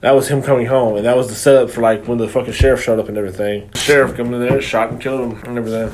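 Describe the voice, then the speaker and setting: A man talking through a movie plot in a loose, rambling way. His voice sits at an ordinary pitch for a man. He swears freely and leans on "like" as he goes. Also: steady tone, very fast, a little mellow, a little hiss or hum. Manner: rambling, profane, lots of filler "like". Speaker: movie review co-host. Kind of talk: casual chat.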